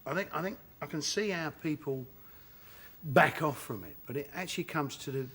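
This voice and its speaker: A man with a Cockney accent, a talk show guest telling animated stories and laughing often in a television studio. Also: on the high side, normal speed, breathy edge. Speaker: guest actor.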